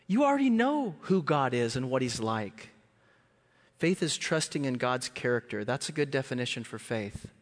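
A man preaching a sermon in a church, telling stories animatedly and jumping into high voices to act out scenes. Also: normal speed, big-room sound. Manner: animated, jumps into high squeals when acting out scenes. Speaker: guest preacher. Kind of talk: sermon with storytelling.

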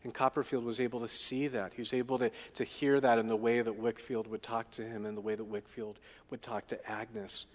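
A man preaching a sermon in a middle-pitched voice, putting questions to the congregation as he goes. His voice carries a long reverb from the hall. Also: flat delivery, brisk, few pauses. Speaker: pastor.

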